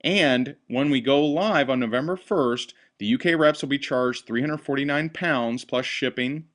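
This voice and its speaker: Upbeat man pitching a business. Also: moderate pace, fairly bright tone. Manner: upbeat, enthusiastic salesy pitch. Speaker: host. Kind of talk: sales presentation on a call.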